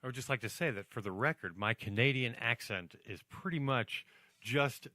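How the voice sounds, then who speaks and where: A man's voice: medium pitch, moderate pace, pushed and bright, no echo. A man hosting a podcast in casual banter, joking and rambling with playful asides. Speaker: podcast host.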